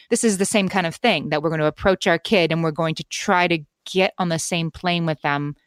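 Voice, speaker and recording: A woman's voice: fairly low pitch, smooth, dry recording, studio quality. A woman co-hosting a parenting podcast, chatting casually and animatedly, often restarting sentences and acting out things parents say. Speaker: podcast co-host.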